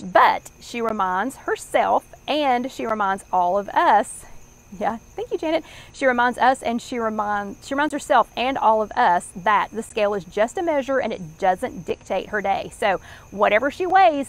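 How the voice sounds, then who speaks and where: A woman's voice: mid-range voice, expressive, normal speed, poor audio. Chatty Southern woman hosting a live chat. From American South. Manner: rambling, chatty, many fillers and restarts. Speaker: online workshop host.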